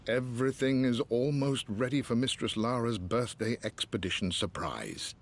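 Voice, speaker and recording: A man's voice: medium pitch, animated, normal speed, slight background noise, close to an everyday voice. An older man playing a devoted, patient butler, reading his own letters as game voice-over in a formal, deferential manner. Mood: warm.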